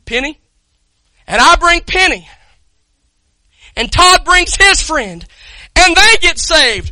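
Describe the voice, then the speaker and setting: High, bright-voiced man preaching. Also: slow pace, long pauses, low-quality recording. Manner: swings from hushed storytelling to loud excited shouting; talks directly to the congregation, calls people up. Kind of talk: sermon.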